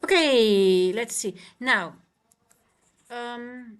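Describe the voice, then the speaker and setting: A woman's voice: fairly high pitch, clean tone. Chatty woman hosting a trading livestream. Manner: chatty, halting with many restarts. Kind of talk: casual live-stream chat. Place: home.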